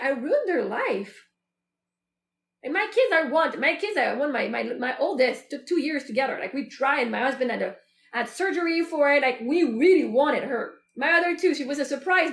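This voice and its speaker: A woman's voice: high-pitched, a bit bright. A woman in her thirties, hosting a show and speaking candidly in a personal, reflective monologue. She talks in a chatty way, with many fillers, and often quotes her own thoughts aloud. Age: 30s. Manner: candid, chatty, full of fillers and self-quoting. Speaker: show host. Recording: roomy echo.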